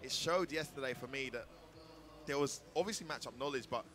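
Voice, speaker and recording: Fast-talking joking male esports commentator. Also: mid-range voice, crowd noise. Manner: cheeky, joking banter. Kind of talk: casual live esports commentary.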